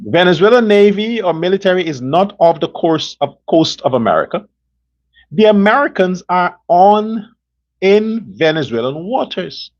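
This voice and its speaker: A man's voice: high-pitched, moderate pace, lo-fi sound. A man hosting his own show, giving blunt, opinionated political commentary and acting out imagined phone calls between leaders. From Guyana. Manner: blunt, animated, plays out imagined dialogue. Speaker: show host.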